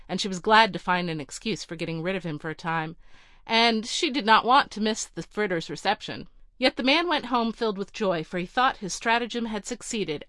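A woman narrating a storybook in a measured, clear reading. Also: mid-range voice, a bit bright, dry recording, clean studio sound.

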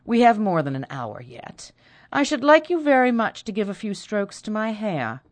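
A woman's voice: medium pitch, big pitch swings, moderate pace, voice pushed up, lightly acted. A woman reading the part of a jealous, proud young woman who speaks passionately and bitterly. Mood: coaxing.

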